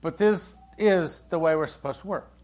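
A man preaching a sermon in a conversational way, asking the congregation questions and swinging between loud and hushed delivery. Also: fairly high pitch, moderate pace. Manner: animated, swings from loud to hushed, acts out quoted dialogue.

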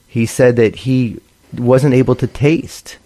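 A man's voice: mid-range voice, fairly even intonation, dark tone, no echo. Earnest man in a dry studio. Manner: earnest and measured, with many fillers. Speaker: ministry broadcast co-host. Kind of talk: conversational broadcast testimony sharing.

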